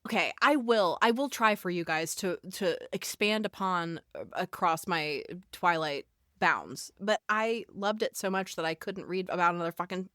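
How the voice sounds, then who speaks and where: A woman's voice: on the low side, moderate pace, hardly any pauses, a bit bright, no echo, clean studio sound. Gushing woman podcast guest. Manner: gushing, emphatic, swears freely. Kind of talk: casual chat.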